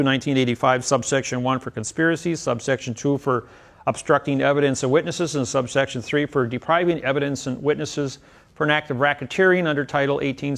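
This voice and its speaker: Gravelly man telling courtroom stories. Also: medium pitch, a bit bright. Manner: rambling anecdotal delivery with legal citations. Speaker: seminar speaker. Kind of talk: storytelling lecture.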